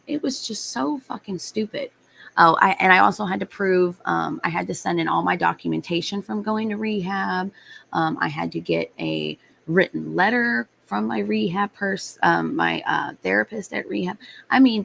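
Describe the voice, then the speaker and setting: A woman's voice: mid-range voice, moderate pace, gravelly, fairly bright tone, slight background noise, poor audio. A young adult woman hosting a live stream, telling a story in a blunt, heated way and swearing freely. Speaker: livestream host. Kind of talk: casual storytelling to live chat.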